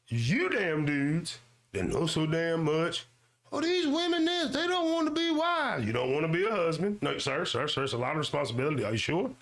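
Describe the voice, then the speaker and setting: Dude ranting on his channel, gravelly voice, swinging way up and down, cussing and repeating himself. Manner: loud swearing rant with slang and repetition; mocking high-pitched voices for others. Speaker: YouTube show host. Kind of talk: ranting commentary monologue.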